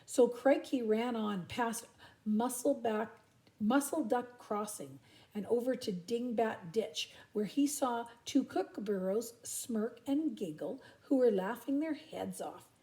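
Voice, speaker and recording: A woman's voice: fairly high pitch, slow pace, dark tone. An older grandmother reading a picture book aloud and stopping for chatty asides. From Canada.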